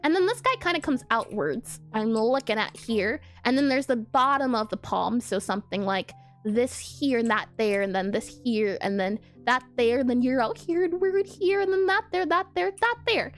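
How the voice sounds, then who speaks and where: A woman's voice: on the high side, animated, moderate pace, faint music behind. A woman streamer with a slightly nasal, nerdy voice and a scratchy throat, chatting and thinking aloud as she draws. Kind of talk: casual live-stream chat while drawing.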